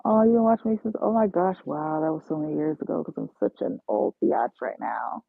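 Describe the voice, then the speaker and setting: Gravelly-voiced New woman chatting. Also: low voice, big pitch swings, brisk, no echo. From New York. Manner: chatty, slangy, self-mocking, laughs often. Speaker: travel nursing aide, livestream host. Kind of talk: casual livestream chat. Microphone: phone. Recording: dull lo-fi phone audio.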